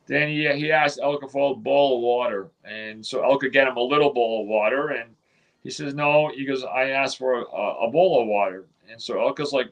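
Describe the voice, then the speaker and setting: A man's voice: medium pitch, fairly bright tone, highs cut off. Man telling a long rambling story. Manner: rambling, many restarts, quotes others in his own voice. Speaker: interview guest. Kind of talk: storytelling in a casual interview.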